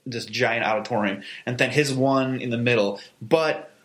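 A man's voice: medium pitch, moderate pace, a bit bright. A man in casual chat, giving wry, laid-back commentary with some swearing.

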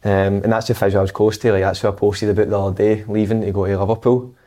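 A man's voice: lowish voice, flat delivery, quick pace, warm tone. A young Scottish man, a footballer, chatting casually in a laid-back, rambling way. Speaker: footballer guest. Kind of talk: casual chat.

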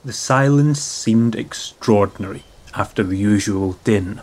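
A man reading the letter of a young British officer, in a quiet, reflective manner. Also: lowish voice, unhurried. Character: young male British officer writing home.

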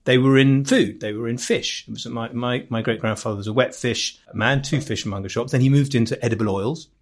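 Fast-talking, rambling man. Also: mid-range voice, fairly even intonation. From England. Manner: rambling, self-interrupting storyteller with frequent restarts; wry, jokey. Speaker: podcast guest. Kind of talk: casual chat.

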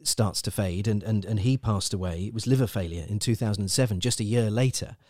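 A man hosting a podcast interview, speaking gently and hesitantly, often repeating words as he frames his questions. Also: on the low side, a little fast, no room sound, studio quality. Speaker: podcast host.

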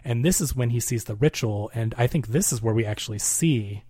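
A man's voice: medium pitch, a little fast, dark tone, breathy edge, no echo. Rambling man recapping a movie, dry mic. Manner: rambling recaps with lots of fillers. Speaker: podcast co-host. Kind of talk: casual movie discussion podcast.

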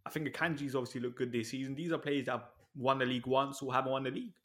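Brief: male pod guest, rapid pace, mid voice, casual filler-heavy chat. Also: medium pitch, fairly even intonation, a bit bright. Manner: fast, filler-heavy with many "like"s. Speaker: podcast guest.

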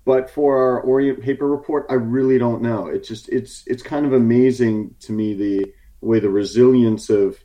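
A man's voice: medium pitch, steady tone, normal speed, few pauses, dark tone. A man from the United States talking casually as an interview guest, telling a story with many fillers and restarts and a wry tone. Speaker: interview guest, short seller.

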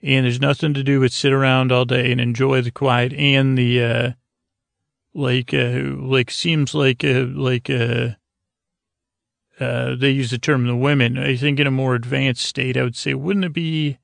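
Male podcast host, gravelly monotone, rambling sleepy recap, dry sound. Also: medium pitch, no echo. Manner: meandering, halting, many fillers and restarts.

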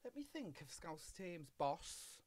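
A man with a Liverpool accent, a podcast guest in casual chat, crude and animated. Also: a little high, slow, no room sound.

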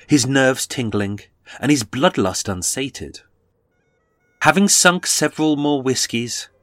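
A man's voice: mid-range voice, dry recording. A man giving dramatic scripted true-crime narration and dwelling on detail.

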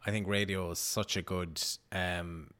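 Low-voiced chatty Irish man. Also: little pitch movement, unhurried, fairly bright tone. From Ireland. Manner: chatty storyteller, many "like"s and restarts. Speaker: TV news reporter, guest. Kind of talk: casual interview chat.

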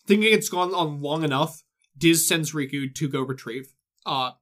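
A man hosting a casual podcast, walking friends through a game's story in a quick, loose retelling. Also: a little high, fairly bright tone. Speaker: host. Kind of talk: casual chat, recapping a game story.

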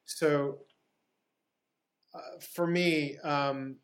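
A man's voice: a little high, fairly even intonation, drawn-out words. A middle-aged man from Pittsburgh, a guest actor on a podcast, telling anecdotes in a casual style, acting out dialogue and laughing often. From Pittsburgh, USA. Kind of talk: casual storytelling interview.

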